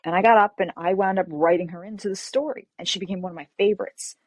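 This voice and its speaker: A woman novelist as an interview guest, telling animated stories and acting out quotes. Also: medium pitch, fast, no echo. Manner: animated storyteller, acts out quotes. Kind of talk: casual interview chat.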